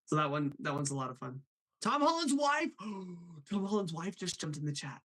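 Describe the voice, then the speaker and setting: A man hosting a casual live stream, animated and reading chat messages aloud. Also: fairly high pitch, moderate pace. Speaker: host of a live stream show.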